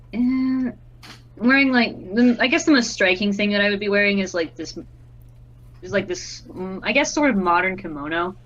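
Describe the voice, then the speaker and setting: A woman's voice: fairly low pitch, fairly bright tone, dull audio. A woman playing in a tabletop game, chatting casually with many fillers and giggles. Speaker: player. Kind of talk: casual chat.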